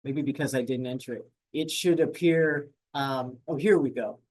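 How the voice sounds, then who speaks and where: A grants administration staff member walking viewers through an online portal in a webinar, talking fast with frequent fillers and self-corrections. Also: medium pitch, a little mellow. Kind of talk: webinar screen-share walkthrough.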